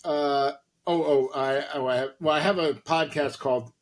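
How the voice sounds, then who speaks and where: A man's voice: a little high, fairly even intonation, moderate pace. A man who is a comedian and actor, a podcast guest telling a long, rambling, profane anecdote full of quoted dialogue.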